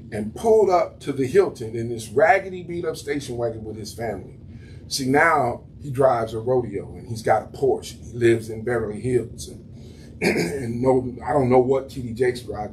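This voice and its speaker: Male pastor, casual pulpit talk, mid pitch, distant mic, faint room hiss. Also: darkish tone. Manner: conversational preaching, repeats words as he builds. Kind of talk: sermon. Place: small church room.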